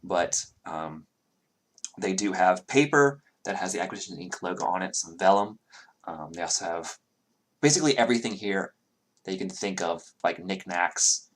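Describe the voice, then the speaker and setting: Deep-voiced man running a tabletop game. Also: normal speed. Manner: relaxed, describes scenes with many ums. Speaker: game master.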